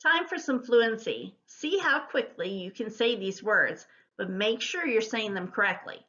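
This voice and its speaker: A woman teacher giving a recorded phonics lesson, modeling words and sounds slowly and deliberately for her students. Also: on the high side, a bit bright, dull audio.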